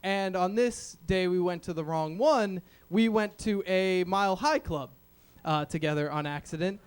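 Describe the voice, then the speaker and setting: This young adult stand-up comedian rambles through a self-deprecating open-mic routine thick with fillers, speaking from a small venue's stage. His high voice has a clean tone and moves at normal speed.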